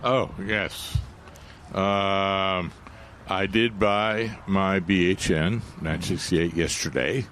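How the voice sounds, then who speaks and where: Deep-voiced easygoing man. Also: fairly even intonation, drawn-out words, a bit bright. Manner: easygoing, telling light anecdotes. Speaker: gardening show co-host. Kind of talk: casual radio gardening chat. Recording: outdoor nursery with faint noise.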